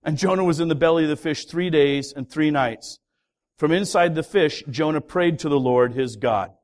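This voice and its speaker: A pastor preaching a sermon, telling a story with lively, acted-out voices of its characters. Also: male voice, a little high, moderate pace. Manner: animated storytelling, acting out voices of the sailors. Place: church hall.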